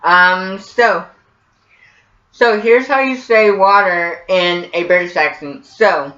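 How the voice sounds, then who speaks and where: A man's voice: high voice, slow, bright, forceful tone. A man from the United States with an American accent, hosting a casual how-to video and often hesitating with ums and repeated words. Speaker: vlogger. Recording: roomy, dull lo-fi sound.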